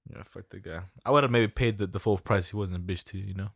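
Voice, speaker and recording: A man's voice: lowish voice, fast talker, vocal fry, no room sound, studio quality. A man in casual chat, loose and slangy, swearing freely and retelling stories with quoted dialogue.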